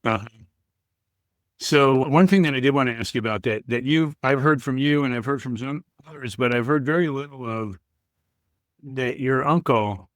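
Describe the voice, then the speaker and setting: A man's voice: mid-range voice, fairly bright tone, no echo, studio quality. A man hosting a podcast, asking questions in a casual, curious way. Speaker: podcast host. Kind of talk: casual interview.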